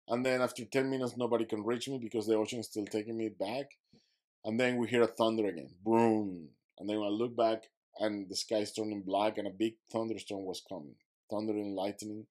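A man's voice: lowish voice, fairly even intonation, brisk, darkish tone. A man who is a podcast guest, telling a vivid story and acting out his own quotes, in slightly broken English.

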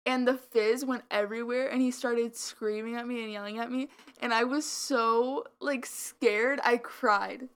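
A woman's voice: on the high side, fairly even intonation, measured pace, few pauses, clean tone. A young woman co-hosting a podcast in casual chat, rambling with lots of filler words and a slight mumble. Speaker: podcast co-host.

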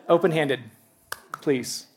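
A pastor preaching to a congregation in church, telling stories with lively asides and laughter and speaking straight to the people in front of him. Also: male voice, fairly high pitch, slightly rough. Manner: animated storytelling with asides and laughter. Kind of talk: sermon.

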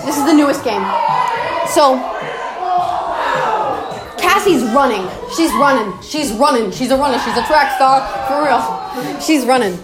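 A woman's voice: high voice, lively intonation, measured pace, long pauses, over a noisy crowd, heavy background noise. A young woman chatting casually about game lore, rambling, laughing and swearing in slang. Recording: roomy echo with music behind. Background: clear music.

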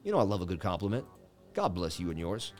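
A man's voice: low-pitched, big pitch swings, fast, soft background music. A man hosting a casual livestream, joking and chatting while he reads viewer comments and walks through charts. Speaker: crypto livestream host.

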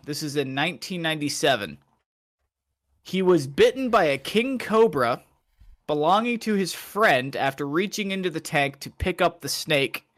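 A man co-hosting a casual podcast, reading out odd news stories with animated delivery. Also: a little high, no room sound, studio quality. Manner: animated storyteller, reads out news items. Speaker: podcast co-host.

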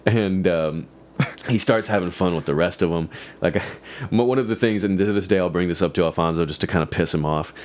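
Brief: low-pitched male host, loose profane storyteller who laughs a lot. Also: fairly quick, darkish tone. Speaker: podcast host. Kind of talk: casual chat.

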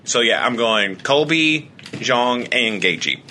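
A man's voice: medium pitch, sing-song, slow, sharp tone, a little hiss or hum. A young man co-hosting a casual podcast chat, joking, swearing and laughing often. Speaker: podcast co-host.

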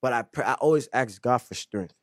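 A man's voice: medium pitch, brisk, dry recording. A man in a casual faith discussion, talking earnestly and often saying "bro". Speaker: co-host.

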